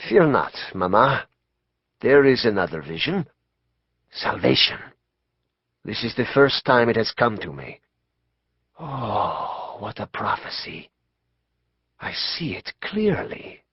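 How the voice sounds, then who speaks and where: A man's voice: lowish voice, sing-song, breathy edge, no echo, dull audio, heavily acted. A man voicing a grave doom-seeing male prophet. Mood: awed. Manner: slow, hushed, ominous delivery. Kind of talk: audiobook character voice.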